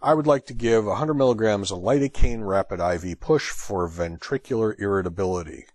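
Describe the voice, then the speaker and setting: A man's voice: lowish voice, a little fast, a little mellow, no echo, close to an everyday voice. A man voicing a sarcastic, distracted male paramedic on the radio, repeating himself insistently.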